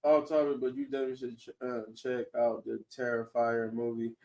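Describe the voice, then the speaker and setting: A man hosting a podcast in casual chat, excitable and laughing often, restarting his sentences as he talks. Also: medium pitch, a little fast, gravelly, recorded from a distance. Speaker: podcast host. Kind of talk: casual chat reviewing shows and movies.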